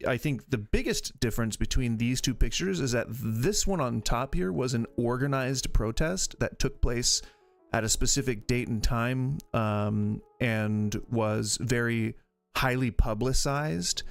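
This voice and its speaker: A man with a gravel-edged voice hosts a stream in a relaxed, argumentative way, thinking out loud and circling back as he reacts. His pitch sits right in the middle for a man, and soft music plays quietly underneath. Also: a little slow. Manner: opinionated, argumentative, rambles with restarts. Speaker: streamer host reacting to videos. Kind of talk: casual reaction commentary.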